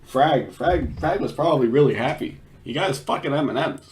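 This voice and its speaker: A man's voice: medium pitch, fairly quick, a little mellow. A man giving casual reaction commentary on a video, swearing freely, laughing often and restarting his sentences.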